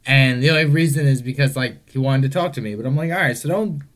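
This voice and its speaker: A man's voice: mid-range voice, quick pace. A man in casual chat, telling laid-back stories with some swearing. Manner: laid-back storyteller, profane.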